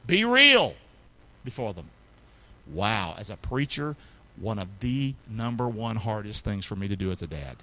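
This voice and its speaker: A middle-aged male pastor preaching a sermon to his congregation, calling for responses and swinging between loud peaks and soft asides. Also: on the low side, very animated, measured pace. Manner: call-and-response preaching, rising to shouts then dropping soft. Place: church sanctuary with congregation.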